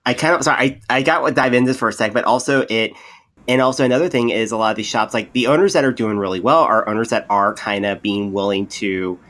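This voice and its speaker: A man's voice: medium pitch, fast talker. A man co-hosting a podcast in casual chat, rambling with many restarts and acting out the people in his stories. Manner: animated storyteller, acts out quoted people. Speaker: podcast co-host.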